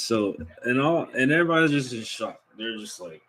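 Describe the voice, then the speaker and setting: A young man casually recapping a manga chapter, excitable and slangy, reading out the characters' lines as he goes. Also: mid-range voice, normal speed, few pauses, low-quality recording.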